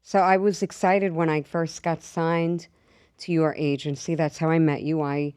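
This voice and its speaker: A woman in her sixties co-hosting a podcast, a lively storyteller who acts out both sides of conversations. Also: deep voice, moderate pace, clear, resonant tone, dry recording, clean studio sound. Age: 60s. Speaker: podcast co-host. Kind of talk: casual chat.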